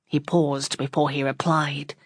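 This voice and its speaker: Low-voiced female audiobook narrator, steady and unhurried, dry close sound. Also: no room sound. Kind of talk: classic novel audiobook narration.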